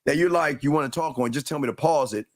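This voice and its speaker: A man hosting a casual reaction podcast, talking in a rambling way with halting restarts. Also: fairly high pitch, no room sound, clean studio sound. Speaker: podcast host.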